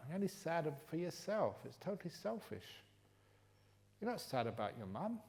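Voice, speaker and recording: An older man from England leading a retreat Q&A, teaching in a humorous, teasing way that turns gentle and reflective. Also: a little high, sing-song, moderate pace, creaky. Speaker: meditation teacher answering questions. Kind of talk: retreat Q&A talk. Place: retreat hall.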